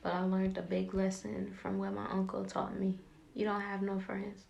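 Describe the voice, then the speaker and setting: A young woman telling a story from her teenage years while doing her hair, casual and animated, acting out what people said. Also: mid-range voice, moderate pace, gravelly, highs cut off. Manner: animated, acts out quoted voices, slangy and candid. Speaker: vlogger. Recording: roomy echo with faint background noise.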